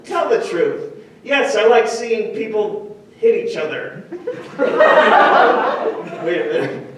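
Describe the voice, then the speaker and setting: A young man does a stand-up comedy set, rambling and self-deprecating, full of restarts. His voice sits fairly high, with a good deal of pitch movement. It rings through an echoey room and is heard from some distance away from the mic. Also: sing-song, slow, a little hiss or hum. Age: young adult. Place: comedy stage before a live audience.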